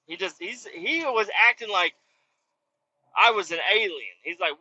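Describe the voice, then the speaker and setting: A man telling a casual story on his podcast, animated and swearing, acting out the voices of the people in it. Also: sits high, moderate pace, no echo, dull audio. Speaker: podcast host.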